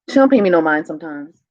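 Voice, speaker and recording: A woman telling casual home stories, laughing often and switching into a high sing-song voice for a toddler. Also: dry recording, dull audio. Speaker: vlogger. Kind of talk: casual chat.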